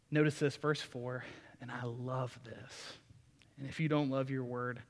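A man's voice: medium pitch, big-room sound. A man preaching a sermon in a folksy, enthusiastic way, with asides to the congregation. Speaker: pastor.

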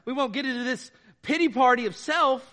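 A man preaching a sermon as pastor, conversational with "right?" asides, swinging between loud emphatic peaks and quiet low passages. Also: fairly quick.

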